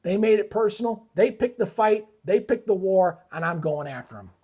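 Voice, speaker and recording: A man's voice: high voice, animated, normal speed, dark tone, breathy edge. A middle-aged man hosting a live weather stream, heated and ranting, swearing often in casual commentary. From Georgia, USA. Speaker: weather livestream host.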